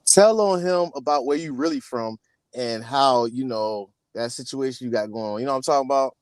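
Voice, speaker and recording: A man's voice: mid-range voice, a little fast, dry recording. A man hosting a podcast, teasing his co-host in playful, repetitive casual chat. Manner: teasing, playful, repeats himself.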